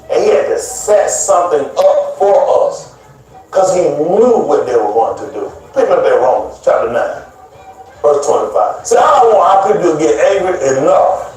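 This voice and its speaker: A man delivers a sermon with hammering emphasis, repeating his points and speaking directly to the crowd. His voice sits a little high and lands from a distance. The room rings with heavy echo, with faint music underneath. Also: very animated, a little slow, darkish tone. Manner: emphatic, repetitive, addresses listeners directly. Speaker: preacher.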